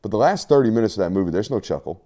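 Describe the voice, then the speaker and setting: A man's voice: fairly low pitch, animated, rapid-fire, warm tone. A man hosting a casual sports show, joking and teasing his co-hosts.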